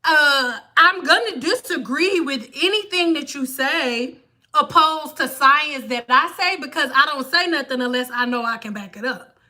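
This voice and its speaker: Woman, high voice, bright and forceful, blunt profane livestream rant. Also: normal speed. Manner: blunt, profane, animated ranting. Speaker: hair stylist hosting a livestream.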